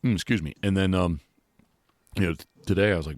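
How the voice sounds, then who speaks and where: Deep-voiced man, rambling podcast host. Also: animated, quick pace, slightly rough, dry recording. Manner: rambling, many restarts and fillers. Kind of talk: casual chat. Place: outdoors.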